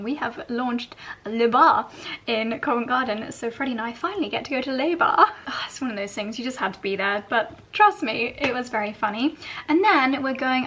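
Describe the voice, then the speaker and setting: Woman in her 30s, fashion vlogger, fairly high voice, gushing and giggly. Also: a bit bright. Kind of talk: chatty vlog to camera.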